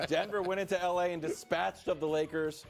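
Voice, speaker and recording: A man's voice: sits high, steady tone, fairly quick, vocal fry. A man co-hosting a sports talk show who gloats playfully and boisterously about a prediction. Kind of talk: studio sports debate.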